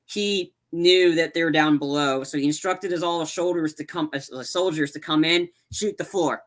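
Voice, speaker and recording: A man's voice: on the high side, fairly even intonation, moderate pace, fairly bright tone. A man co-hosting a podcast, chatting casually about films in a rambling way with lots of fillers and restarts. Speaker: podcast co-host. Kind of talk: casual movie chat.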